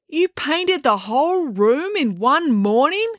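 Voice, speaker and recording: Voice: mid-range voice, moderate pace, dry recording, clean studio sound, close to an everyday voice. A narrator voicing a sarcastic, hot-tempered teenage girl in an audiobook. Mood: outraged. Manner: scornful, shouting in outrage. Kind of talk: audiobook character voice.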